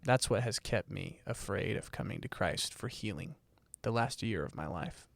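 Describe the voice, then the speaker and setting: A man with a gravelly, fry-edged voice shares his struggles candidly on a faith podcast. He is reflective and unguarded. The mic is dry and close. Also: on the low side, expressive, moderate pace, no echo. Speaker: podcast co-host. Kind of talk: casual faith podcast conversation.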